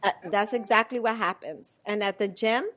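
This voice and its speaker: A woman's voice: mid-range voice, normal speed, fairly bright tone. A young woman co-hosting a podcast, teasing her friend and laughing through her stories in casual chat. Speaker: podcast co-host.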